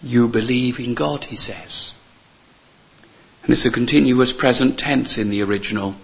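A man's voice: mid-range voice, steady tone, unhurried, gravelly, muffled recording. A man preaching a sermon in an earnest, emphatic way, repeating key phrases and asking rhetorical questions.

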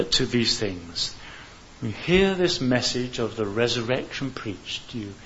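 A man's voice: mid-range voice, fairly bright tone. A man preaching an evangelistic sermon in an earnest way, building to fervent appeals. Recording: dull hissy recording.

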